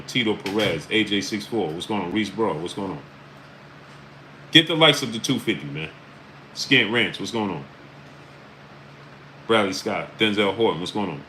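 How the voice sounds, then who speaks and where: A man from Brooklyn with a New York accent hosting a casual live stream, reading out viewer names with quick greetings and speaking bluntly and emphatically. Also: fairly low pitch, sharp tone, a little hiss or hum, poor audio.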